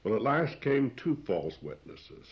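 A man preaching an expository sermon, explaining old scripture wording in plain speech with frequent pauses. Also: mid-range voice, big pitch swings. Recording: dull lo-fi recording.

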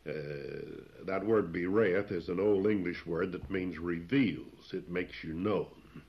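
Low-voiced male preacher, plain and deliberate, pauses often, on a muffled old recording. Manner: plain-spoken, explains old scripture wording, frequent "uh" pauses. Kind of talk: expository sermon. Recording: dull lo-fi recording.

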